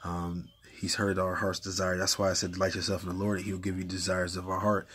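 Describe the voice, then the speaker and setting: Man, low husky voice, casual faith talk that turns animated in stories. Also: a little fast. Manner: conversational, uses many fillers like "you know what I'm saying"; gets animated and hyped when retelling stories. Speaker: faith speaker. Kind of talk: casual spoken encouragement about faith.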